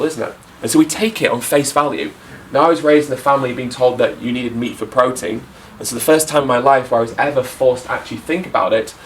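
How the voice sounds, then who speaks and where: A man's voice: medium pitch, a little hiss or hum, poor audio. Young man telling a story to an audience. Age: 20s. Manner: candid storytelling with rhetorical tag questions. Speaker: speaker. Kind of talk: public talk to an audience. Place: talk venue with an audience.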